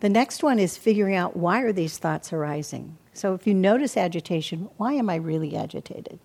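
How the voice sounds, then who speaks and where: An older woman teaching meditation in a calm, reflective dharma talk, often acting out her own inner self-talk. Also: lowish voice, brisk. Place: meditation hall.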